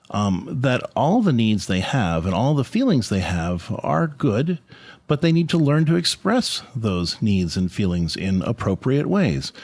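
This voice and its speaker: A middle-aged man with a medium-pitched, slightly mellow voice hosts a podcast, heard in a dry recording. A Catholic family counselor, he reflects on faith and parenting in an earnest, conversational way and repeats words when restarting.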